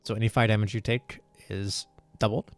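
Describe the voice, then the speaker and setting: A man's voice: fairly low pitch, steady tone, moderate pace, no room sound, faint music behind. A man acting as game master, explaining game rules in a loose, casual way with many fillers. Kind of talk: casual tabletop game narration.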